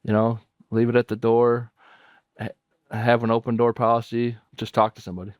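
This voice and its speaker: A man's voice: mid-range voice, monotone, a little fast, a little mellow, no echo, clean studio sound. A man guesting on a podcast, speaking earnestly and a little rambling, repeating his main points. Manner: heartfelt, rambling, repeats key phrases. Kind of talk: earnest personal sharing.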